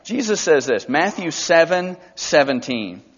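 A man's voice: fairly high pitch, very animated, a little slow, slightly rough, dull audio. A man preaching an expository Bible teaching in a conversational way, briefly acting out the characters' lines.

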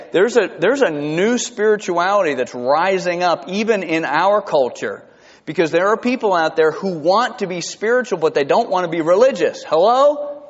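Brief: male pastor preaching in a church, fairly high voice, dull recording. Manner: animated, rising to high emphatic peaks. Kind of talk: sermon. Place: church sanctuary. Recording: dull sound with long hall reverb.

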